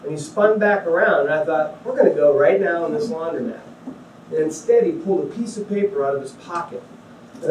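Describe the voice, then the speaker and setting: A middle-aged man from Ohio tells his life story to a small gathering, slipping into voices for the people in it and joking along the way. His voice sits a bit high for a man. He sounds set back from the mic in a small room that echoes. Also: distant mic, slight background noise. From Ohio, USA. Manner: animated storyteller, acts out quotes, jokey asides. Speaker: guest speaker. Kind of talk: testimony talk to a small audience.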